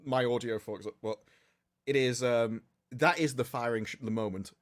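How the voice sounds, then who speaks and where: A man talking casually as a podcast guest, retelling scenes in an animated, incredulous way into his own microphone. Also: medium pitch, normal speed, no room sound, clean studio sound.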